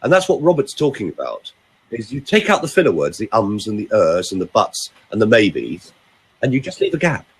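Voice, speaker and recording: A man, a vocal coach, talking in a podcast chat and demonstrating delivery with lively emphasis. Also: fairly low pitch, fairly quick, husky.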